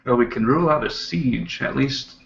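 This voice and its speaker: A man's voice: mid-range voice, normal speed, gravelly, fairly bright tone, recorded from a distance, a little hiss or hum. A man playing a tabletop game with dry, sarcastic remarks. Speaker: player. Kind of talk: in-character tabletop play. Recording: roomy lo-fi audio from off-mic.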